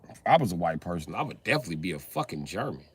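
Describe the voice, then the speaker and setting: A man on a livestream who rants about cars in a profane, excitable way, now and then bursting into a shout. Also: deep voice, racing, slightly rough. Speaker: livestreamer and car mechanic. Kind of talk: profane ranting livestream chat.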